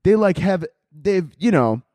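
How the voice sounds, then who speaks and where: A man's voice: sits high, animated, unhurried, dark tone, no room sound. Crude, rambling twenty-year-old man. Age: 20s. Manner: crude, rambling, laughs often, swears a lot. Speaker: podcast host. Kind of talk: casual comedic monologue.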